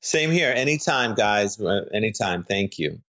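Deep-voiced man chatting as a guest. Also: expressive, normal speed, fairly bright tone. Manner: rambling, with many restarts and fillers. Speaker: soap opera actor guest. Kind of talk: casual interview chat.

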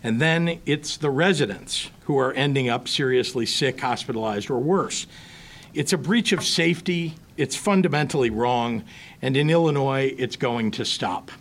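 A man, a politician, delivering a formal public statement in a firm, measured way. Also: mid-range voice.

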